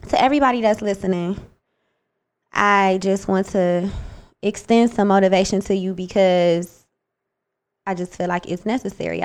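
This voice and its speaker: A woman's voice: medium pitch, vocal fry. A young woman hosts a casual solo podcast. She talks bluntly and freely, swearing often, and mixes frank talk about her nursing job with motivational pushes aimed right at the listener. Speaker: podcast host, nurse.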